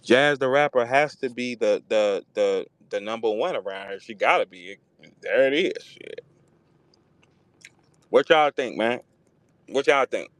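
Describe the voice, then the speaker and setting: Brief: profane, animated male talk host, mid-pitched, dry mic. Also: unhurried, no echo. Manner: profane, animated, slips into mocking voices when quoting. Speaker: host of a battle rap talk space. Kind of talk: casual chat. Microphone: online audio room.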